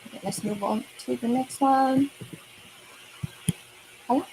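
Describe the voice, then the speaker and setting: Slow, patient woman teacher. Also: high-pitched, warm tone, a little hiss or hum, rough recording. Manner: slow, patient, repeats words and checks with "okay?" and "right?". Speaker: Mandarin teacher. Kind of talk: online kids' language lesson.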